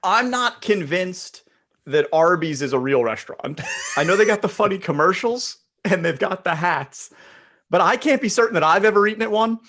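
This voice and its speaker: A man's voice: sits high, lively intonation, moderate pace, fairly bright tone. A man co-hosting a casual podcast, teasing and bantering with his partner. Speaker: podcast co-host. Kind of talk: casual chat.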